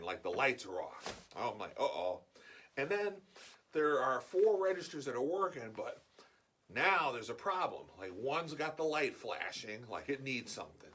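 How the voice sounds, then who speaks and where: A guest storyteller with a medium-pitched, slightly rough voice tells an anecdote casually. He's animated and chatty, full of "like," acting out the dialogue in quotes as he goes.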